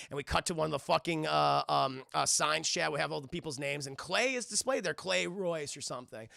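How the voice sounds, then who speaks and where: A man's voice: on the high side, animated, fast talker, gravelly, hardly any pauses, pushed and bright, no room sound, clean studio sound. A man giving a rambling, profane scene-by-scene film recap, constantly talking to his chat. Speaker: film reviewer streaming to chat.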